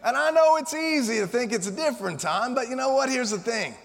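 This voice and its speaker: An American man in his forties giving a humorous, energetic motivational keynote to a live audience, telling punchy, joking stories. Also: high-pitched, fast talker, gravelly, hardly any pauses. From Colorado, USA. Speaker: motivational speaker. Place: conference hall before an audience. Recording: long reverb of a conference hall.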